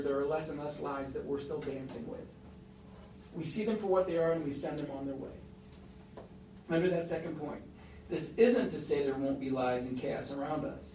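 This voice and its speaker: A male pastor preaches a sermon, his slightly high voice climbing for emphasis and dropping to a hush. He sounds a little way from the mic, and the room adds a clear echo with faint ambient noise behind him. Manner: storytelling with emphatic rises and soft, hushed moments. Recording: roomy echo, mic at a distance.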